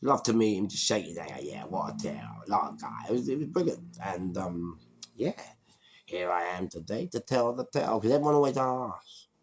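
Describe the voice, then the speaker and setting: A man in his sixties with a London accent, telling a street story in a slangy, animated way. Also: fairly low pitch, normal speed, slight background noise. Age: 60s. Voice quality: gravelly. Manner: animated, slangy, acts out voices. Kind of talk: storytelling monologue.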